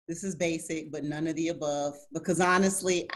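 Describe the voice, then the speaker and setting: A woman co-hosting a podcast, chatting casually in a lively, playful way. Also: deep voice, a little fast. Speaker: podcast co-host. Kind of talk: casual chat.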